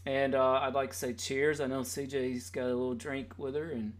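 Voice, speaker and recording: A man's voice: medium pitch, flat delivery, moderate pace, slight background noise. Man hosting a podcast, casual chat, rambling, teasing jokes. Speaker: podcast host.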